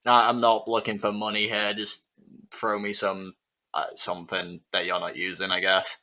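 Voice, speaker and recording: A man playing in a tabletop game, excitable, swearing and stammering. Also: fairly low pitch, normal speed. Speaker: player.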